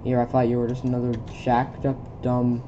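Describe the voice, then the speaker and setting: A woman at home reading a film script aloud for laughs, stumbling over lines in a deadpan way. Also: very deep voice, brisk, highs cut off, background noise. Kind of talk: casual comedic script reading. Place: home with a pet dog.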